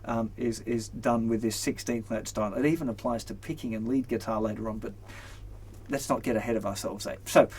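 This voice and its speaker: A young man teaching a guitar lesson, relaxed and encouraging, counting beats aloud as he plays. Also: medium pitch, a little fast, a little hiss or hum. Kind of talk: instructional lesson. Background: guitar strumming.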